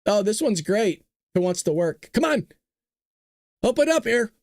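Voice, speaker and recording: Talk show host, man in his 30s; high pitch, very animated delivery, jokey storyteller. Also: a little slow, no echo, clean studio sound. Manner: animated joking storyteller, laughs often. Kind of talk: casual livestream talk and storytelling.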